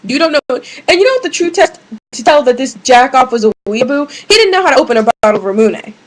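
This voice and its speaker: A young woman vents to her webcam in a casual, rambling way, stopping and restarting her sentences and filling the gaps with ums. Her voice sits a bit high. It sounds like a webcam mic in a room at home. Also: very animated, quick pace, poor audio. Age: young adult. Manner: rambling, many fillers and restarts. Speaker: vlogger.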